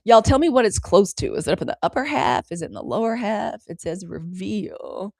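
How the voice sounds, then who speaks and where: An American woman hosts a livestream news show, chatting casually and calling her viewers "y'all" while fumbling aloud through the app controls. Her mid-range voice is expressive, creaky, and a bit fast, with a darkish tone. The recording is dry and studio quality.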